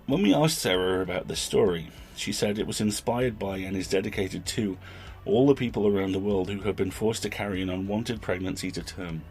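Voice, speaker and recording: A man with a very deep voice gives reflective commentary after a story. He speaks thoughtfully, choosing literary words with care. Faint music plays quietly beneath him. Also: a little fast, hardly any pauses. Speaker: podcast host.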